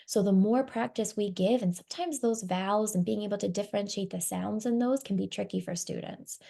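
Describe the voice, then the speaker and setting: A woman's voice: medium pitch, a little fast, vocal fry, warm tone. A woman who directs reading instruction, explaining material slide by slide in a webinar presentation. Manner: explanatory, walks through slides.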